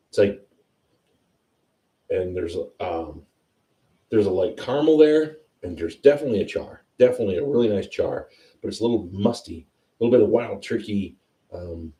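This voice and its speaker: A man hosting a whiskey tasting livestream, chatting casually and excitedly as he tastes. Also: lowish voice, far from the mic. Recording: roomy sound, a bit off-mic.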